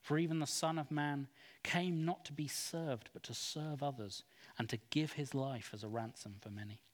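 A man reading the lines of Jesus as a calm, grave male teacher, speaking in a hushed, measured way. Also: a little high, lightly acted. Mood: earnest. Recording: long hall reverb.

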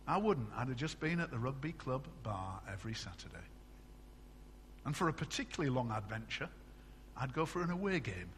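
A middle-aged man from England preaching a sermon in a church, animated and conversational, often asking the congregation questions. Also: medium pitch, fairly quick, long reverb tail, slight background noise. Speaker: pastor.

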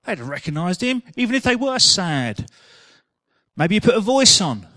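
A man's voice: high-pitched, very animated, normal speed, pushed and bright, dry recording, studio quality. A man preaching a sermon in a chatty, humorous storytelling manner.

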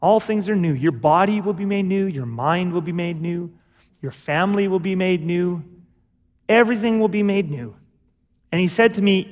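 A man preaching a sermon as pastor, in an animated, conversational way with acted asides. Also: high-pitched, a little fast, in a large hall. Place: church sanctuary.

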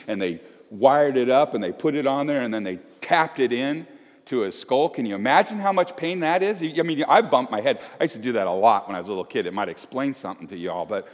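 A man in his fifties preaching a sermon as pastor, conversational and swinging between loud emphasis and hushed asides. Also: medium pitch, big-room sound. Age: 50s. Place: church.

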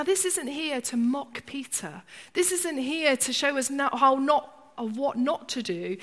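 A middle-aged woman delivers a sermon in a bright, fairly high voice. She talks conversationally and acts out people's inner voices. A long reverb from the hall trails behind her words. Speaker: preacher.

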